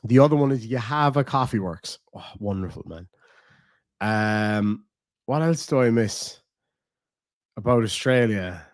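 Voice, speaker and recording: A man's voice: fairly low pitch, lively intonation, measured pace, long pauses, no echo. Irish male streamer, casual and profane, easygoing chatter, dead-dry mic. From Ireland. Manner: profane, chatty, laid-back. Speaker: reaction streamer. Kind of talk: casual rambling chat to viewers.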